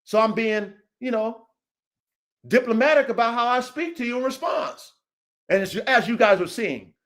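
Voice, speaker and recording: Male podcast host, high voice, slangy and combative, muttered asides and loud emphatic punches. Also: moderate pace. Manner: confrontational, slangy, repeats a taunting catchphrase. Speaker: podcast host, dog breeder. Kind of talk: livestream podcast monologue.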